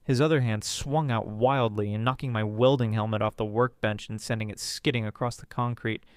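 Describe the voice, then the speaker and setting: Smooth man narrating a story, close and dry. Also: fairly even intonation, brisk, no echo. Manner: dramatic, voices characters with pitch jumps. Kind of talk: first-person story narration.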